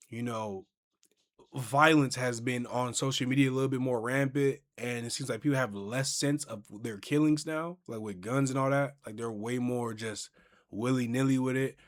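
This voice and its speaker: A man hosting a casual podcast chat, telling stories and acting out what people say. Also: mid-range voice. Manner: animated storyteller, acts out quotes. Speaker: podcast host.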